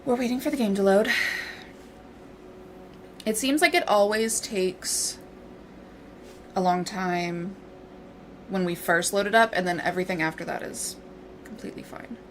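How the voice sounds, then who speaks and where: A woman's voice: mid-range voice, measured pace, pauses often. A woman game streamer chatting casually and playfully with her viewers while she waits on her game. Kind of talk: casual livestream chat. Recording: steady background noise.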